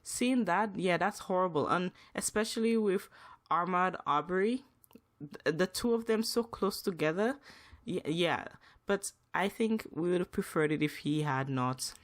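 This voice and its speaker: A woman hosting a solo podcast, venting emphatically and repeating herself, her pitch rising when upset. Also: measured pace. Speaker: podcast host.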